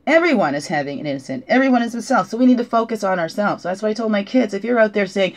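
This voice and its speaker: A woman's voice: medium pitch, lively intonation, racing, few pauses. Woman, spiritual teacher, casual card reading, reflective, questioning, self-teasing. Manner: reflective, asks many questions, often adds "right?"; gently joking, laughs at herself. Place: at home.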